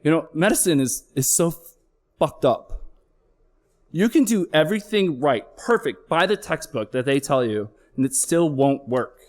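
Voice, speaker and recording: A man's voice: on the high side, expressive, normal speed. A middle-aged man, a flight paramedic, telling a candid personal story on stage with earnest emotional swells.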